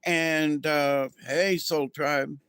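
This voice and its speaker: A man's voice: on the high side, steady tone, very slow, fairly bright tone, clear, resonant tone, no echo. A man hosting a casual spiritual livestream, talking to viewers in a rambling, easygoing way with many ums and restarts. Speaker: spiritual channel host.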